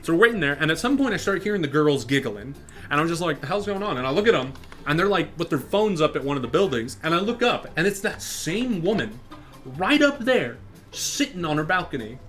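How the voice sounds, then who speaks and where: A young man casually telling a funny personal story, acting out the people in it with a louder raised voice, over faint background music. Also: a little high, fairly quick. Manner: animated, acts out quotes in louder raised voice. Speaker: storyteller and channel host. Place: online virtual social space.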